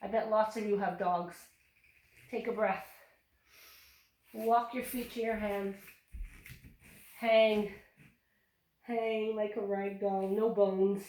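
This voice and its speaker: A woman's voice: mid-range voice, steady tone, takes it slowly, long pauses, darkish tone. A woman leads a yoga class for small children, calling out poses in a cheerful, encouraging way. Her voice comes from across an echoey room, caught by a camera mic some distance away. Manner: cheerful, encouraging step-by-step instructions. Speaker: yoga teacher.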